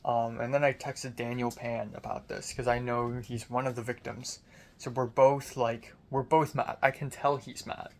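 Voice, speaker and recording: A young man, a college student, in a casual video diary, his voice deep and strained after screaming, frustrated and self-critical, swearing often. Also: flat delivery, normal speed, creaky. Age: young adult.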